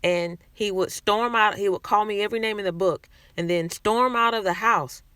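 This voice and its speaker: A woman with a bright, forceful voice talks frankly to her viewers in a casual vlog. She speaks conversationally and often restarts her sentences. The sound is dry and close. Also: mid-range voice, moderate pace, clear, resonant tone, no room sound. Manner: candid, conversational, frequent restarts. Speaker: vlogger sharing personal experience. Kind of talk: casual talk to camera.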